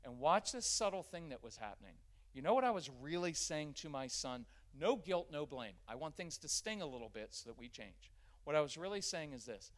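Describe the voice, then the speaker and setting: Brief: male workshop speaker, fairly high voice, lively, acts out quoted lines while talking to a church audience. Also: a little fast. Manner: animated, acts out quoted parents and kids. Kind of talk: live workshop talk to an audience.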